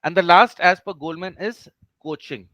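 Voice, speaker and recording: A man's voice: high-pitched, moderate pace, fairly bright tone, no echo, highs cut off. A man teaching an online class over a video call, who explains each point patiently and keeps checking that his students follow.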